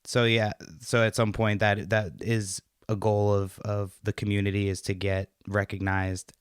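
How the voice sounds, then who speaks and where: A man's voice: lowish voice, completely flat delivery, normal speed, clean tone, no echo, studio quality. A man in his thirties hosting a podcast, asking questions hesitantly with frequent restarts. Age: 30s. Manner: hesitant, restarts often, many fillers while forming questions. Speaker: podcast host. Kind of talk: casual interview chat.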